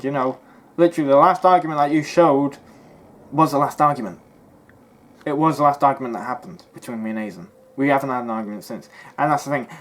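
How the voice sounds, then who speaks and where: Young man, YouTuber, defensive rant, swearing, agitated, middle-pitched voice. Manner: agitated and defensive, swearing, swings between loud outbursts and low mutters. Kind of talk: heated personal rant to camera.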